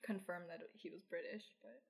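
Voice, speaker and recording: A woman's voice: fairly low pitch, normal speed, vocal fry, over a noisy crowd. A young woman in casual chat about books, talking loosely with many fillers and frequent laughs. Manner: chatty, filler-heavy, laughs often. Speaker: book discussion participant.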